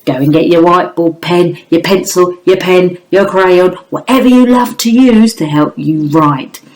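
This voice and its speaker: Woman, phonics teacher, slow and lower-pitched, sings out sounds for little kids. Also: darkish tone. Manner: slow, clear, sounding out phonemes with sing-song emphasis; encouraging, addresses children and parents directly. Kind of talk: online phonics lesson for young children.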